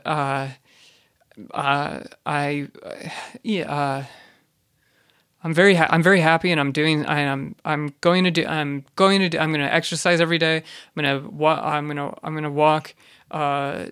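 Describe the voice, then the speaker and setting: Man podcasting, deadpan and rambling, somewhat high voice, smooth and clear. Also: dry recording, studio quality. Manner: rambling deadpan with many fillers and restarts. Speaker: podcast host. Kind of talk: ironic comedic monologue.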